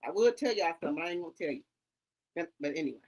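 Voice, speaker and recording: A woman's voice: lowish voice, lively intonation, rapid-fire, a little mellow. A woman in her fifties ranting to camera, rambling and hollering, tagging on "okay?" and "baby". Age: 50s.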